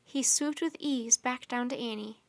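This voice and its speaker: A woman's voice: fairly high pitch, normal speed, gravelly, dry recording, studio quality. A woman storyteller reading a children's storybook aloud expressively. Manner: expressive, performing character voices.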